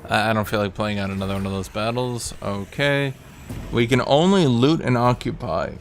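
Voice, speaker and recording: A man's voice: on the low side, moderate pace, slight background noise. A young man streaming a strategy game, talking offhand and sardonic, swearing casually as he comments.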